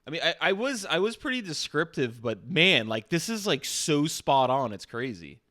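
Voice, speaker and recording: A fairly high-voiced male streamer who swings his pitch all over as he banters with a chatbot. He curses freely, laughs often and breaks off to talk to his audience. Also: very animated, normal speed, pushed and bright. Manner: swears, laughs, talks to his viewers. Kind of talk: casual chat with an AI chatbot.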